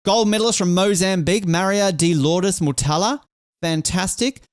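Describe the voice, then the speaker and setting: A man hosting a casual podcast, talking in a lively, irreverent way and swearing freely. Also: high-pitched, normal speed, no room sound, studio quality. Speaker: podcast host.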